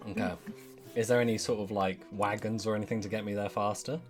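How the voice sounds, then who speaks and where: A man's voice: on the low side, fairly even intonation, quick pace, faint music behind. A man playing a tabletop game, scheming and swearing with a joking tone. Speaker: player.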